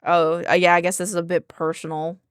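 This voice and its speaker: A woman's voice: lowish voice, level tone, a little fast, smooth, no echo. A woman streamer reading a document aloud with chatty, thinking-aloud asides into a close desk microphone. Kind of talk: reading aloud with casual commentary.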